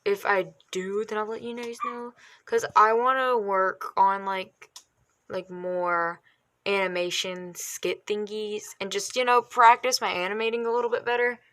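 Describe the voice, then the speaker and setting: A woman's voice: medium pitch, fairly even intonation, a little slow, fairly bright tone. A woman chatting casually to her viewers while chewing gum, hesitant and full of "like" and "um", laughing often. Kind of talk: casual vlog chat.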